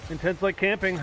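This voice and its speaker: Guy on a game stream, hyped and jokey, slightly high voice, faint hum behind. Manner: excitable, yells hype at the game; joking, self-mocking. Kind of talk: casual gaming stream commentary.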